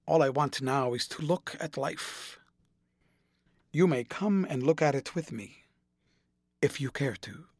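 A man's voice: medium pitch, unhurried, long pauses, husky, no echo. Languid witty aristocrat, lightly mocking, dry sound, read by a guy.

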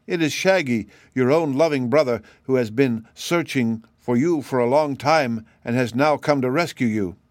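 A man's voice: medium pitch, moderate pace, few pauses, dry recording, clean studio sound, natural voice. A man voicing an anxious, devoted grown man who is searching for his lost brother. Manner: anxious, pleading.

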